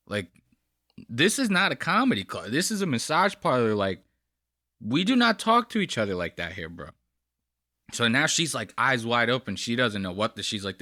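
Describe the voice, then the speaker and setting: Guy ranting over a clip, bright edgy voice, swears a lot, pitch all over the place, dry sound. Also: normal speed, no echo. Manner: profane, mocking, animated. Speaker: reaction channel host. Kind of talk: casual commentary over a played clip.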